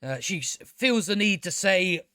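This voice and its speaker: Sarcastic high-voiced man ranting. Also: lively intonation, measured pace, sharp tone, clear, resonant tone, no room sound, studio quality. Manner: sarcastic, exasperated, profane. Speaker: TV show reviewer. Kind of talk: casual ranting review.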